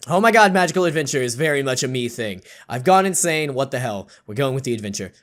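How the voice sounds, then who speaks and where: Playful man with a lively voice. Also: medium pitch, quick pace. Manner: jokey, sarcastic, rambling asides. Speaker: YouTube gamer. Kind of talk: let's play, reading game text aloud with commentary.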